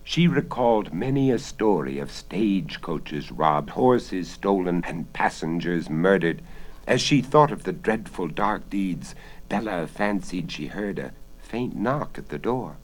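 A man reading a story aloud with dramatic expression, often dropping into hushed whispers for suspense. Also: low-pitched, lively intonation, a little slow.

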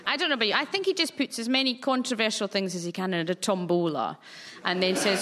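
A woman's voice: medium pitch, fast, crowd noise. A woman hosting a comic panel discussion, chatty and self-mocking, often laughing as she talks. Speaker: panel show host.

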